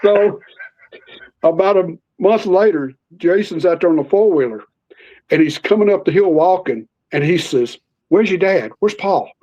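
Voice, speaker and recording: Animated man telling stories. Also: high-pitched, normal speed. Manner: animated storyteller, acts out quoted voices. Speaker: podcast guest. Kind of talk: storytelling in casual interview. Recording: slightly muffled lo-fi audio.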